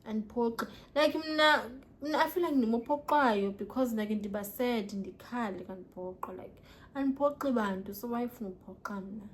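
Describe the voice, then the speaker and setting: A woman's voice: a little high, brisk, slight background noise. A young woman vlogging casually, a bit tipsy, chatting and telling stories while she answers viewer questions. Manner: chatty, animated storytelling, mixing English and local words.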